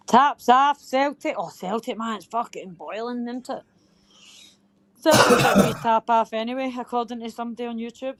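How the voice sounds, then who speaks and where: A woman's voice: fairly high pitch, normal speed. A woman hosting a livestream in casual chat, teasing people with lots of swearing and laughter. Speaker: livestream host.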